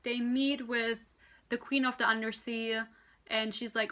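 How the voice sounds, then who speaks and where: A woman rants through a book review with exasperated, sarcastic disbelief, swearing freely. She slips into quick impressions of the characters. Her voice is bright and sits a little high. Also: flat delivery. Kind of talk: ranting book review vlog.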